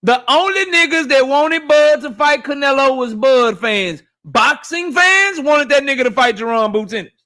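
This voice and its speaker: A man with a high, bright, forceful voice hosting a boxing livestream. He rants fast and profanely, answering his chat in a loose, heated commentary style. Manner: animated, profane, rapid rants reading chat.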